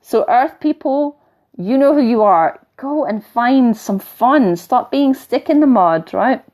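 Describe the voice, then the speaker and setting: Chatty woman with a softened Scottish accent. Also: fairly high pitch, animated, takes it slowly. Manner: chatty and digressive, laughing often, coaching tone. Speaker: spiritual teacher. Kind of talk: live-stream talk, reading viewer comments.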